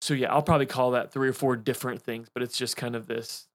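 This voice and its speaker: A man's voice: mid-range voice, fairly even intonation, fast, no echo. Hesitant, wry man pastor co-host. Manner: hesitant, many ums and restarts, dry humor. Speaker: lead pastor, podcast co-host. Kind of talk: casual chat.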